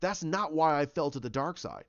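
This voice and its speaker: Brief: remorseful Jedi ghost, earnest confession, slightly high male voice, a man doing it himself, dull lo-fi sound. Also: animated, moderate pace, a bit bright.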